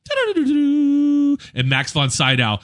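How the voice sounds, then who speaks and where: A man in his forties in casual chat, an animated storyteller who laughs as he talks. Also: medium pitch, moderate pace.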